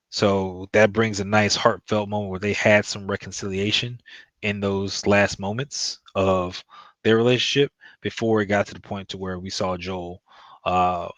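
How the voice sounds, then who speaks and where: Man, lowish voice, dry close sound, casual rambling TV recap. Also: a bit bright, no echo. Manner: rambling, loose retelling with fillers. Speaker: TV show reviewer.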